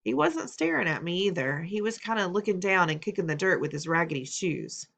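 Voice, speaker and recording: A woman narrating a children's novel as an expressive audiobook reader. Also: lowish voice, brisk, creaky.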